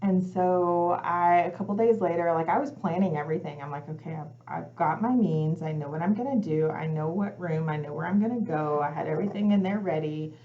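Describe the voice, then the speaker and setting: A woman's voice: on the low side, a little fast, few pauses. Earnest woman telling a personal story. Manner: earnest storytelling, acting out her own past thoughts. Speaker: guest coach. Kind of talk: personal testimony on a talk show. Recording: slightly muffled lo-fi audio.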